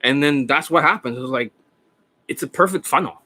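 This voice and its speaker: A hoarse man lecturing his viewers as a dating coach, profane and combative, firing off rhetorical questions. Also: medium pitch, normal speed, bright, forceful tone. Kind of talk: ranting monologue to viewers.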